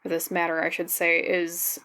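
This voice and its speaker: Gentle, reassuring woman reading tarot. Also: fairly low pitch, completely flat delivery, moderate pace, smooth. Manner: gentle and reassuring, often checks in with "okay?". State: briefly teary and emotional. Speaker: tarot reader. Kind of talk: pick-a-card tarot reading. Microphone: camera mic, seen on camera.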